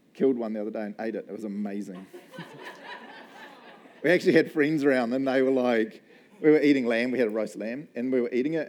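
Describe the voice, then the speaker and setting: A man with a New Zealand accent preaching a casual, jokey sermon in church, telling animated stories with self-deprecating asides. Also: medium pitch. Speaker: pastor.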